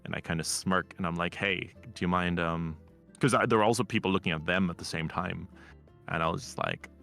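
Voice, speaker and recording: A man's voice: low voice, steady tone, brisk, creaky, a bit bright, faint music behind. A man from Ireland, chatting on a stream and telling stories in a cocky, teasing way. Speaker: collab guest streamer. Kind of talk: casual chat.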